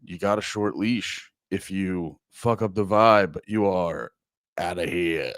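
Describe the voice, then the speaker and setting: A man's voice: low-pitched, slow pace, fairly bright tone, dry recording. Male podcast host, groggy, rambling and profane, reads chat aloud, dry close sound. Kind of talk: casual livestream chat.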